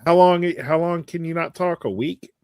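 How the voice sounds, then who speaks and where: A man co-hosting a podcast, teasing his friends in relaxed chat. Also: on the high side, normal speed, clear, resonant tone, no echo. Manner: laid-back, teasing. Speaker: podcast co-host. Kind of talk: casual chat.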